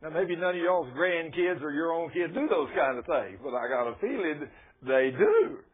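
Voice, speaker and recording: A man's voice: a little high, lively intonation, moderate pace, breathy edge. An older man preaching a sermon, telling folksy stories and asking the congregation rhetorical questions. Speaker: pastor. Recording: tinny lo-fi radio broadcast.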